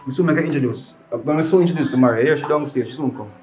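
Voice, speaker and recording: A man's voice: medium pitch, rapid-fire, over music, natural voice. A man playing a father who brings his daughter home, pleading and repeating himself in patois-laced talk.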